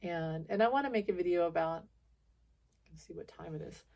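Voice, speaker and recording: A woman talks straight to her viewers in a loose monologue, circling back on herself with restarts and small laughs. She sounds frustrated, and her voice sits a little low for a woman. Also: fairly quick, creaky, warm tone. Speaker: spiritual video channel host.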